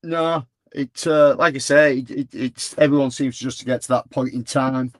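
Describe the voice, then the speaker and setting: A man's voice: mid-range voice, fairly even intonation, moderate pace, dry recording. A man from England with a northern English accent, guest co-host on a casual stream, giving brief laid-back replies with occasional swearing. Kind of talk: casual live-stream chat. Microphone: remote video-call stream mic.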